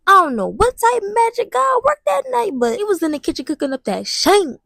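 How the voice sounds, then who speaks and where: A young woman vlogger telling a personal story in an animated way, often stuttering and restarting. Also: extremely high pitch, a little fast, creaky, no room sound, clean studio sound. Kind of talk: storytime vlog.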